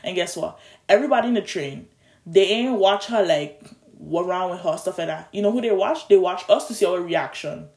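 A young adult vlogger, speaking at a middle pitch. The delivery is an animated, colloquial storytime ramble that restarts and stumbles over words. It is recorded on a phone in a roomy space with a noticeable echo. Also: a little fast. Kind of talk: casual storytime monologue.

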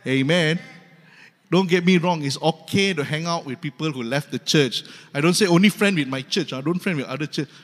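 A man's voice: a little high, fairly quick. A male pastor with a Malaysian English accent preaching a sermon in an emphatic, repetitive, humorous way. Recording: long hall reverb.

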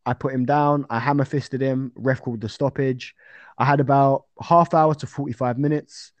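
A man's voice: mid-range voice, fairly even intonation, normal speed, dry recording. A young man talking casually as an interview guest about his fights, rambling with fillers and restarts.

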